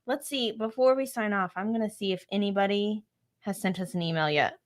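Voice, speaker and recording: A woman's voice: medium pitch, fairly quick. A woman with a slight Midwest American accent, co-hosting a podcast in casual chat with brief, dry replies. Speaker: podcast co-host.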